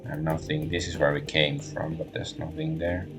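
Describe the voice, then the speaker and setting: A man's voice: a bass voice, flat delivery, moderate pace, music in the background. A man streaming a role-playing game, muttering hesitant thoughts aloud as he plays. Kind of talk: let's-play commentary.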